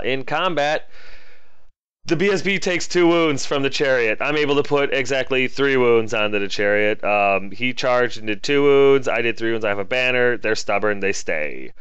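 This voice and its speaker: A man talks through a tabletop battle turn by turn, chatty and self-deprecating, then breaks into comic exasperated rants. His voice is smooth and clear. It is close-miked in a dry space with a slightly dull, lo-fi sound. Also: mid-range voice, a bit bright, no room sound. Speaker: wargaming battle report narrator. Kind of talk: casual battle report voice-over.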